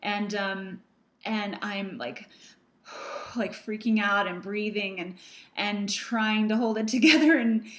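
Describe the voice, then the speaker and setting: A woman's voice: medium pitch, slow. A middle-aged woman, a practitioner of emotional processing, talking earnestly to camera and telling a personal story with many fillers and restarts. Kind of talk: casual talk to camera.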